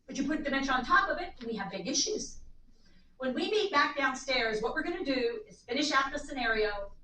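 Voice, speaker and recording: A woman lecturing a live audience on aging in an animated way, acting out little voices, in a seminar room. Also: high-pitched, brisk. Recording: echoey room, distant mic, faint noise.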